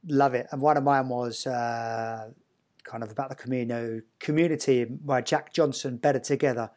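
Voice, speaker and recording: A man's voice: medium pitch, steady tone, normal speed, darkish tone. A man with a Southern English accent hosting an interview podcast in a chatty, encouraging way, full of restarts. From south of England. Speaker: podcast host. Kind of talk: casual interview chat. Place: home, northern England, evening.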